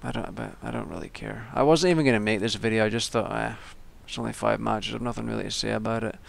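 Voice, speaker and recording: A man's voice: lowish voice, fairly even intonation, fast, vocal fry. A young man giving casual, rambling solo commentary, with frequent ums and restarts. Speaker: wrestling vlogger.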